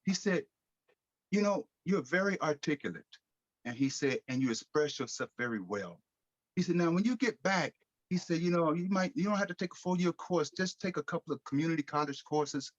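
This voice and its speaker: A middle-aged American man telling his life story in a podcast interview, lively, with casual slang and acted-out quotes. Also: fairly high pitch, fairly quick, no room sound, lo-fi sound. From United States. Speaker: guest speaker.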